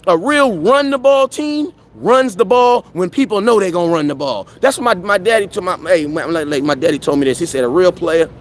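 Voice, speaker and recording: A young man hosting a live fan show, talking sports in a slangy, animated, preaching way with lots of repetition. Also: high-pitched, a little fast, hardly any pauses. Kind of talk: casual live-stream sports talk.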